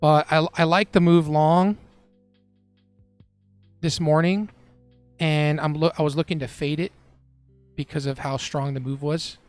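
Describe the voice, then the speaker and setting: A man's voice: fairly high pitch, fairly even intonation, a little slow, long pauses, smooth, no echo, soft background music. A young man who trades live on a stream, chatting casually with his chat and laughing often.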